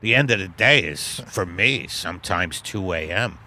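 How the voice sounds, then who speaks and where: A man's voice: low-pitched, expressive, normal speed, pushed and bright, voice pushed down, full character voice. A man voicing a defensive, exasperated middle-aged husband.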